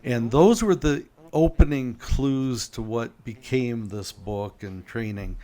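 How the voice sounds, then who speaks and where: An American man, a guest author on a podcast, telling personal stories in a lively, self-deprecating way. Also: mid-range voice, slow pace. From United States. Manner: animated anecdotes, self-deprecating humor. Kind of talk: conversational storytelling.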